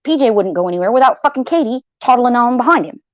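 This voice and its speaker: A woman's voice: on the high side, expressive, fast talker, no room sound, muffled recording. A woman hosting a livestream tells a personal story in a heated, blunt way, swearing freely and repeating phrases to drive her point home. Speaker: livestream host. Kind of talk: venting personal story to viewers.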